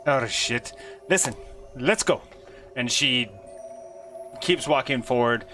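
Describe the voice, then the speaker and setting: A man running a tabletop game as game master, narrating with an animated, joking manner. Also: mid-range voice, takes it slowly, soft background music. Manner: animated, laughs and swears casually.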